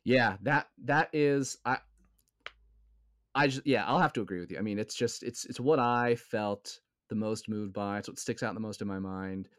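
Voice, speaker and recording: Low-voiced earnest man talking film. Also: moderate pace, dry recording, studio quality. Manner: earnest, keeps checking in with "right?". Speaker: podcast co-host. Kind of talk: casual film discussion.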